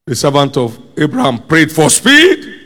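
A man's voice: on the high side, wildly swooping pitch, normal speed, bright, forceful tone, big-room sound. A man preaching a sermon with emphasis, repeating his key phrases and calling on the congregation to answer.

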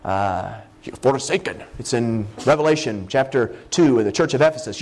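A man preaching a sermon as a Bible word study, talking conversationally and slowing down to stress key words. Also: medium pitch, animated, a little mellow.

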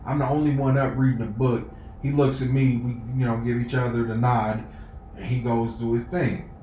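A man co-hosting a podcast, telling a story in casual, profane chat and loudly acting out what people said. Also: mid-range voice, moderate pace. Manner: animated, profane, acts out quoted lines loudly. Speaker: podcast co-host. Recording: echoey room with faint noise.

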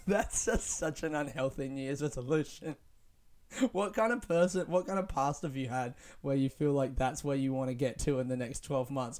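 A young man talks alone into his podcast mic in a loose, rambling way, swearing freely and breaking into laughter at his own jokes. His voice sits at an ordinary middle pitch. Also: steady tone, moderate pace, darkish tone. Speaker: podcast host. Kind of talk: casual solo podcast monologue.

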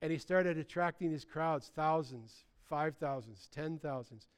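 A man preaching a sermon in a lively, conversational way, often restarting his sentences. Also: fairly high pitch, unhurried, clean tone. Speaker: pastor.

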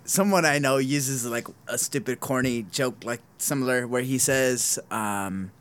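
A man's voice: medium pitch, measured pace, a bit bright, clean tone. A man co-hosting a podcast, rambling and laughing in casual chat. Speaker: podcast co-host.

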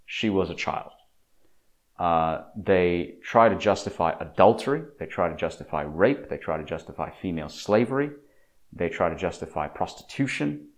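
Deep-voiced man lecturing emphatically. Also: animated, moderate pace. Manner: emphatic, preachy, stumbles and repeats words. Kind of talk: opinionated monologue.

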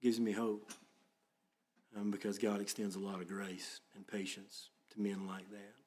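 Earnest low-voiced male pastor preaching. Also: little pitch movement, a little slow. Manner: earnest, plain-spoken preaching that turns to quiet prayer. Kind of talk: sermon.

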